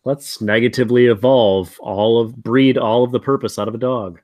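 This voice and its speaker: A man's voice: medium pitch, fairly even intonation, moderate pace, a little mellow, no echo. A man co-hosting a casual podcast, blunt and stammering with restarts. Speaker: podcast co-host, a father. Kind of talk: casual chat.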